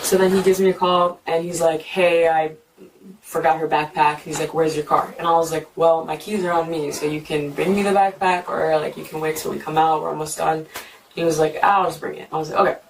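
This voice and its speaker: A young woman telling a police officer what happened, talking fast and filling her story with "like" and acted-out quotes, recorded on a bodycam. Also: low-pitched, steady tone, gravelly. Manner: fast, repeats "like", acts out quotes. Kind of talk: retelling events to an officer. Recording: noisy bodycam audio from a distance.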